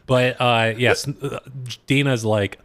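Casting note: man, mid-pitched, casual podcast co-host, rambling and filler-heavy, dry close-miked sound. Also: fairly even intonation, slow, fairly bright tone, smooth, no echo. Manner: rambling recaps with quoted impressions. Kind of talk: casual chat.

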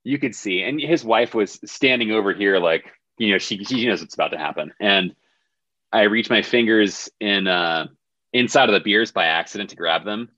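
A man's voice: on the low side, moderate pace, sharp tone, no echo, highs cut off. A man telling a funny story as a podcast guest in a laid-back, self-deprecating way. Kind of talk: casual storytelling.

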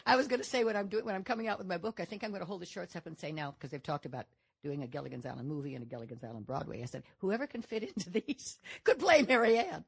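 An older woman from Nevada, a guest answering audience questions on a stage, telling stories in a chatty, animated way. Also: deep voice, very fast, vocal fry, breathy edge. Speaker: panel guest actress. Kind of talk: audience Q&A chat.

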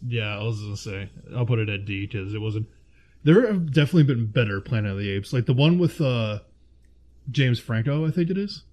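A man's voice: mid-range voice, animated, brisk, darkish tone. A man in casual chat, rating films with a friend, laughing often and searching aloud for names.

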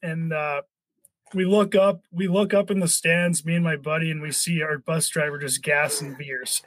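Higher-voiced man trading hockey stories. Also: fairly even intonation, fairly bright tone, no echo, rough recording. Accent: American. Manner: quick laughing reactions and short stories. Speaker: podcast co-host, former college hockey player. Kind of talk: casual chat.

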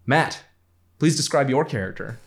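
A man's voice: medium pitch, expressive, moderate pace, vocal fry. A man as game master, narrating a tabletop game in a playful storytelling way.

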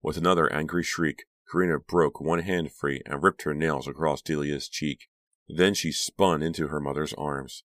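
Very deep-voiced male audiobook narrator. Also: fairly even intonation, moderate pace, fairly bright tone, no room sound. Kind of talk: scripted narration.

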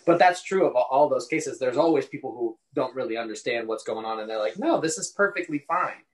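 A man in a relaxed book podcast, talking through a novel with a co-host. His voice sits at an ordinary pitch, and he slips into character voices for quotes. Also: fast, rough recording. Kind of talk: casual book discussion.

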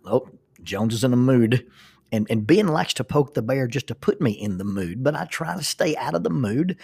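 Husky-voiced man telling rambling stories. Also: mid-range voice, darkish tone. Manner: rambling, self-deprecating, frequent restarts. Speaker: storyteller. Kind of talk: personal storytelling monologue.

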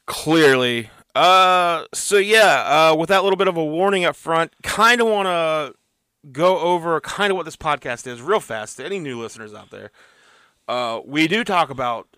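A man's voice: fairly high pitch, lively intonation, normal speed, pushed and bright, clean tone, no room sound, studio quality. A middle-aged man co-hosting a casual podcast, laid-back and joking, with plenty of "uh" and "like". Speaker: podcast co-host.

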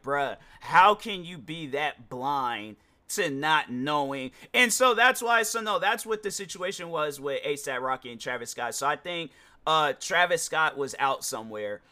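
A young man hosting a solo podcast, his voice bright and a little raised in pitch. He rambles casually, restarting sentences and dropping slang as he goes. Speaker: podcast host.

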